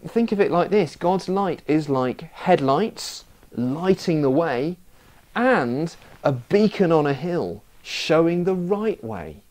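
A man's voice: fairly high pitch, expressive, slow, darkish tone. A man preaching a sermon, telling stories with self-mocking humour.

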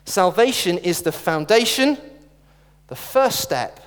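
A man delivers a sermon, his high voice leaping about with expressive swings. He mixes earnest conviction with wry, self-aware jokes. The sound carries the long reverb of a church hall. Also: slow. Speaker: preacher.

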